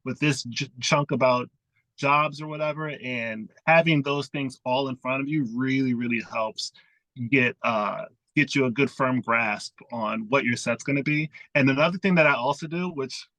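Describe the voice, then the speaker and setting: Bright, chatty male comedian. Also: mid-range voice, dry recording, poor audio. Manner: chatty, animated, acts out his own thoughts. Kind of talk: casual chat about comedy writing.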